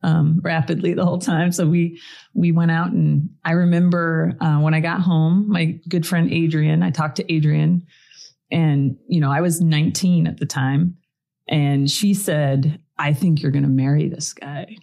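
Low, gravelly-voiced woman telling stories. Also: steady tone, a little slow, dark tone. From Colorado, USA. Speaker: podcast guest. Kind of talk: casual storytelling chat.

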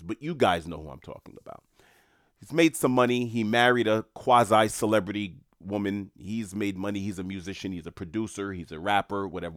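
New guy chatting to his viewers, rambling, lowish voice, dry close mic. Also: no room sound. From New York. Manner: rambling, conversational, addresses viewers. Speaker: commentator. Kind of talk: casual monologue.

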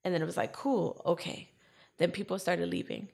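A woman's voice: on the low side, normal speed, gravelly, husky. A woman telling a personal story in casual chat, acting out what she and others said. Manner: animated retelling, acting out her own quotes.

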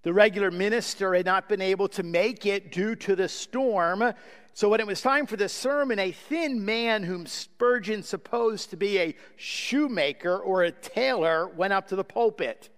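A man's voice: high voice, moderate pace. A man preaching a sermon as pastor, praying earnestly and then telling a story. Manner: earnest, prayerful. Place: church sanctuary. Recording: long hall reverb.

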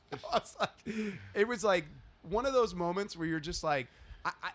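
Animated storyteller man, lively voice. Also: sits high, moderate pace. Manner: animated storytelling, acting out quotes. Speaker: podcast host. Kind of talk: casual chat.

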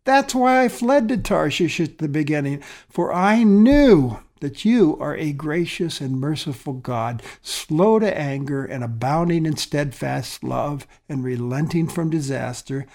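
A man's voice: fairly high pitch, expressive, measured pace, gravelly, few pauses, darkish tone. Sulking male prophet, bitter and pleading, read aloud by a preacher.

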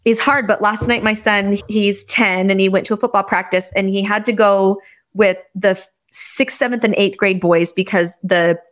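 A woman's voice: medium pitch, fairly even intonation, normal speed. Chatty woman hosting a conversation. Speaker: host. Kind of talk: casual conversation.

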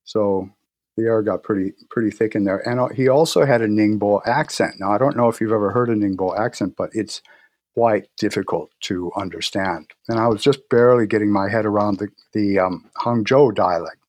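Low-voiced man, relaxed storyteller. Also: dry recording. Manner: relaxed storytelling, frequent restarts and pauses. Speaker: guest, herbal medicine practitioner. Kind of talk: casual interview talk.

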